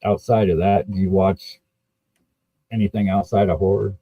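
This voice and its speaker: A man's voice: low voice, steady tone, moderate pace, dark tone, breathy edge, no echo. A man hosting a casual podcast interview, asking questions in a loose, swearing, easy-laughing way. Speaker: podcast host. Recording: dull, dry lo-fi sound.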